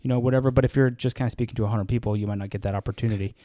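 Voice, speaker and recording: A man co-hosting a podcast in casual chat, animated and rambling, with lots of fillers and restarts. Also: medium pitch, racing, no room sound, studio quality. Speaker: podcast co-host.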